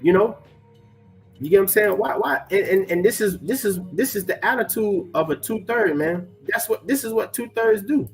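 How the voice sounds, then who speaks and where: A man hosting a reaction commentary in a somewhat high voice. He is indignant and preachy, slips into loose slang and chuckles, and reads scripture aloud. Faint music sits under his talk. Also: expressive, moderate pace. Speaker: commentary channel host.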